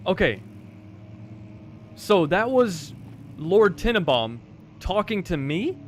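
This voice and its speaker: A man streaming a horror game, joking and bursting into loud excited outbursts. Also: sits high, takes it slowly, slight background noise. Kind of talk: live gameplay commentary.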